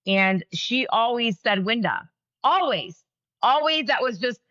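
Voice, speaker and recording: Bright-voiced woman from West Virginia. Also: a little high, lively intonation, a little slow, dry recording. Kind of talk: casual podcast chat. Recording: dull, slightly muffled dry recording.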